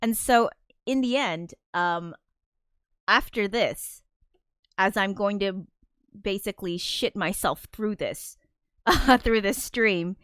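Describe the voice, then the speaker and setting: Flustered woman rambling on stream, smooth voice. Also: medium pitch, takes it slowly, long pauses, fairly bright tone, no echo, studio quality. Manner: rambling, self-deprecating, swears a lot, laughs nervously. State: flustered and anxious. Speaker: streamer and composer. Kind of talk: casual livestream chat.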